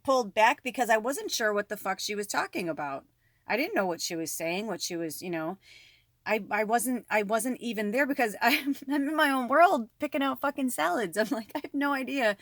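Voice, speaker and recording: Animated swearing woman, dry close sound. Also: fairly high pitch, dry recording. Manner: animated, swears freely, lots of fillers. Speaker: spiritual medium. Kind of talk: casual storytelling to viewers.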